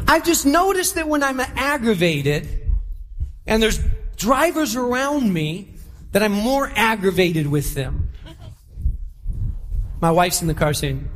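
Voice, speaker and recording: Pastor, male, animated preacher who acts out quoted voices, high voice, long church reverb. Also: measured pace, pauses often. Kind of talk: sermon.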